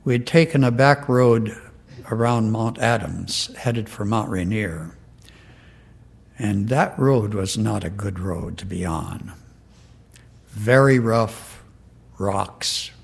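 An older man reading a letter aloud in an earnest, measured way, then telling a personal anecdote. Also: on the low side, gravelly, husky. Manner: slow, earnest, measured delivery. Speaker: storyteller.

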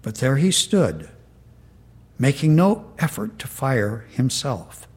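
An older man tells a story in a slow, earnest, measured voice. His pitch sits in the middle, and he takes his time over every line. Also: sing-song, breathy edge. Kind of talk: reading a letter aloud, then personal anecdote.

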